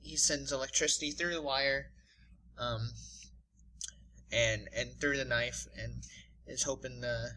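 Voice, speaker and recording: A man's voice: mid-range voice, steady tone, a little slow, long pauses, sharp tone, poor audio. A man co-hosting a podcast, casually narrating an imagined fight with many fillers and restarts. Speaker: podcast co-host.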